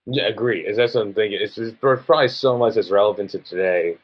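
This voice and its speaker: A man's voice: on the low side, fast, breathy edge, lo-fi sound. A man who writes and produces plays, chatting casually and rambling with lots of "like". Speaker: playwright and producer. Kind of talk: casual chat.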